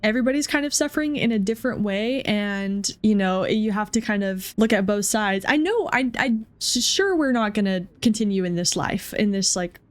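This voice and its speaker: A woman's voice: mid-range voice, lively intonation, normal speed, hardly any pauses, no echo. A young woman commenting on a game as she plays, rambling and emotional, with many fillers. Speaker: gaming streamer. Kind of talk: let's play commentary.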